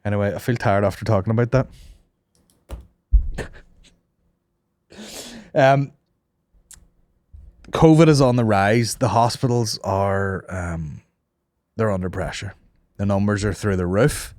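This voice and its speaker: A man's voice: on the low side, slow, pauses often, a little mellow, no echo, studio quality. A man hosting a comedy podcast, swearing a lot and laughing at his own crude jokes. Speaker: podcast host.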